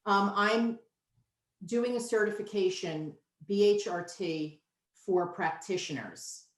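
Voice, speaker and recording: A woman's voice: medium pitch, takes it slowly. A woman in her fifties, a nutritionist guest, talking candidly and emphatically in a casual interview. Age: 50s. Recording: roomy echo.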